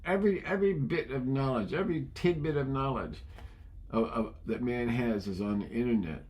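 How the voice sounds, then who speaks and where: A man's voice: mid-range voice, moderate pace, darkish tone. A man, delivering an indignant, opinionated monologue with frequent repetitions. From United States. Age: 70s. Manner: indignant, ranting, repeats himself. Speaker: vlogger.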